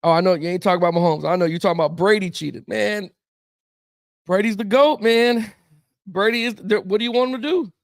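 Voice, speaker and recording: High-voiced, gravelly sports talk host. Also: male voice, fairly quick, no room sound, studio quality. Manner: rambling, reacting to viewer comments with chuckles, lots of "man" and "bro". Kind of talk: casual sports talk livestream.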